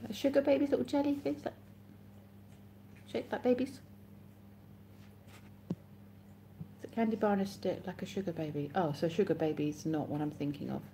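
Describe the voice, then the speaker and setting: A woman's voice: mid-range voice, normal speed, long pauses, warm tone, a little hiss or hum. An English woman hosting a casual live stream, chatting and reading viewer comments aloud with frequent laughs. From England.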